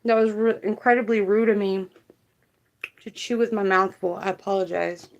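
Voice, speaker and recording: A woman's voice: mid-range voice, fairly even intonation, moderate pace, dull audio, slight background noise. A woman, doing a casual tarot livestream, chatty and laughing as she reads viewer comments aloud.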